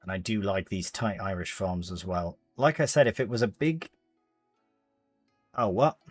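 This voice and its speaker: A man's voice: low-pitched, moderate pace, breathy edge, faint music behind. A man, live-streaming a farming game and chatting casually with viewers as he plays. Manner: chatty, reads chat aloud, British slang.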